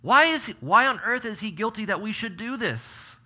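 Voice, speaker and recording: A preacher putting on a young prince who pleads for his friend, his voice jumping high, loud and strained. The tone is very bright and sharp, and the pitch swings widely. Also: lively intonation, moderate pace, heavily acted. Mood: pleading.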